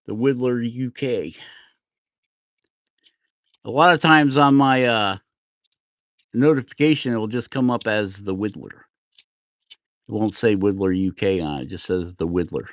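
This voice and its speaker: A middle-aged New Jersey man hosts a woodcarving livestream, chatting loosely with viewers as he carves. His voice is on the low side and unhurried with frequent pauses, recorded close and dry with no room sound. He rambles between topics, laughs often, and pokes fun at himself.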